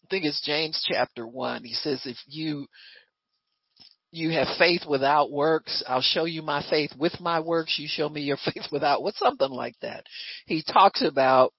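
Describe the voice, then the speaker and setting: A woman preaching a sermon in a lively, conversational way, full of rhetorical questions. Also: low voice, measured pace, slightly rough, dry recording, highs cut off.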